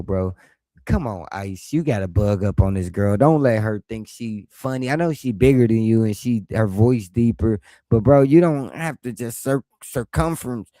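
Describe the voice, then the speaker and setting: A man reacting to a podcast clip, talking back at the screen in a loud, mocking, teasing way. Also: on the low side, dry recording. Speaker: reaction streamer. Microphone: headset.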